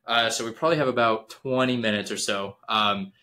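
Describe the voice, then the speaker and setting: A man's voice: fairly low pitch, a little fast, sharp tone. A man hosting a casual podcast chat, steering the talk and asking questions.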